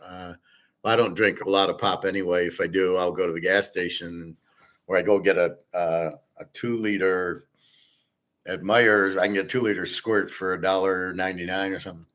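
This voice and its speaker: At a moderate pace, a man with a low voice and fairly even intonation hosts a casual monologue. He is blunt and opinionated, swears freely, rambles with fillers, and trails off quietly.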